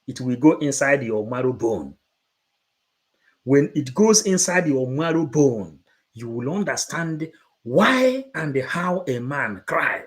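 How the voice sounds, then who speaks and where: A man's voice: medium pitch, expressive, slow pace. A man preaching to supporters, emphatic and repetitive, moving between English and Igbo. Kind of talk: impassioned preaching.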